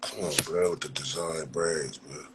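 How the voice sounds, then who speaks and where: A man's voice: rumbling low, steady tone, moderate pace, background noise. A young man talking loosely on a phone livestream, full of street slang and profanity and breaking into laughter often. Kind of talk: casual livestream chat.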